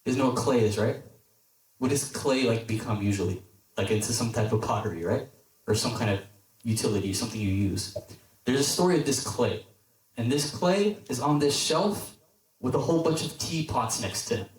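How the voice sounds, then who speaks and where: A man, a deacon, giving a casual sermon to a youth group, telling a story and often checking in with his listeners. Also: normal speed. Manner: conversational, checks in with the audience; storytelling, drops low for emphasis. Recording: echoey hall, distant mic.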